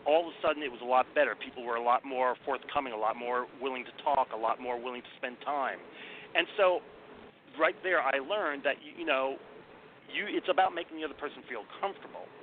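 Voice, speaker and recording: A man talking as a guest recruiting expert on a call-in talk show, blunt and emphatic. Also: mid-range voice. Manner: blunt, emphatic, talks fast. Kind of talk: casual phone-in talk show chat. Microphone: phone. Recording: tinny phone line with faint noise.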